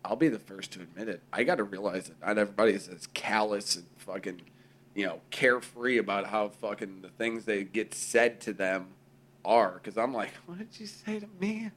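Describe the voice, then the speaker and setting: Animated, profane man chatting casually. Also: fairly low pitch, normal speed. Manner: profane, animated, acts out quoted voices. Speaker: podcast co-host. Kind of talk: casual conversation.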